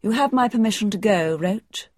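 A woman's voice: lowish voice, lively intonation, moderate pace, a little mellow, dry recording, studio quality. A woman voicing a sickly, imperious young boy who gives lordly commands in a storybook reading.

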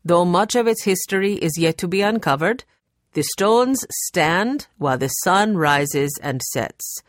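A woman voicing a cautious adult male gallery owner in an audiobook, reciting slowly and deliberately. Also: on the low side, expressive, no room sound, clean studio sound.

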